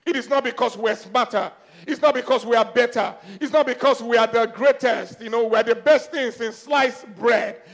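A man preaching a sermon, moving between loud pleading and quiet, intense speech. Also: very high-pitched, normal speed.

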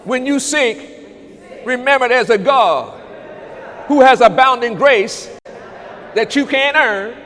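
High-voiced preacher in an echoing hall. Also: male voice, takes it slowly, pauses often, fairly bright tone. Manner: preaching with call-and-response to congregation. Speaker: pastor. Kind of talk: sermon. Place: church.

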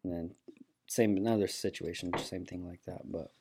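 A low-voiced man telling a road-rage story. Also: moderate pace, noisy background. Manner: profane, animated storyteller acting out quotes. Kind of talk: casual chat, storytelling.

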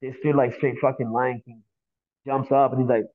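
A man from Miami telling a story in casual talk, animated and swearing often, acting out the voices of the people in it. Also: mid-range voice, moderate pace, phone-quality sound. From Miami, Florida. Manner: animated, swears a lot, acts out voices in stories. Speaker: guest.

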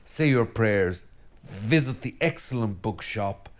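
A man's voice: lowish voice, animated, takes it slowly. Man, Irish accent, Mayo, middle-aged, priest hosting a talk show, casual chat, asides and tag questions, self-mocking. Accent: Irish, County Mayo. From Ireland. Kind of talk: casual spoken commentary.

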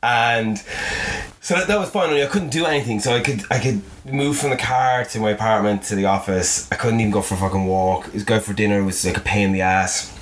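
A man's voice: lowish voice, a little fast, a little hiss or hum. A young Irish man casually telling a travel story as a podcast guest, swearing freely and laughing as he goes. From Ireland.

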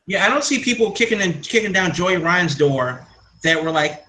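A man co-hosting a casual wrestling podcast, quick and opinionated with jokey asides. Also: high-pitched, lively intonation, sharp tone, slight background noise, low-quality recording. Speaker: podcast co-host.

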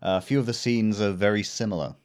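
A man's voice: on the low side, steady tone, quick pace. A man co-hosting a casual podcast, discussing a film with dry, joking commentary. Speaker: podcast co-host.

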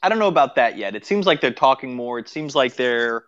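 A man's voice: medium pitch, animated, brisk, fairly bright tone. A man co-hosting a casual sports podcast, dropping brief, dry interjections. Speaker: podcast co-host. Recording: dull lo-fi sound.

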